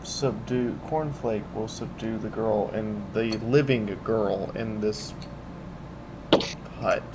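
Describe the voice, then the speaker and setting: A man with a low voice plays in a tabletop game, speaking slowly with stern, blunt questions. A clear hiss runs under him on a voice chat line. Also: fairly even intonation. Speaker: player. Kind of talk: casual in-character play.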